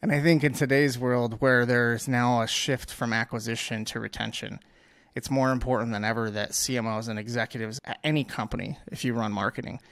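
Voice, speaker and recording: A man's voice: mid-range voice, steady tone, a little fast, a bit bright, no room sound, studio quality. A man speaking as a guest marketing executive in a casual podcast interview, talking candidly and with emphasis. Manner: candid and emphatic, with blunt asides.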